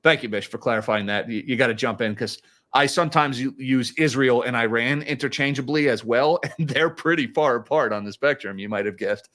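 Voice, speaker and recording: A man's voice: medium pitch, fairly quick, a bit bright. A man hosting a casual livestream of market commentary, chatty and given to sarcastic asides. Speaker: financial commentary host.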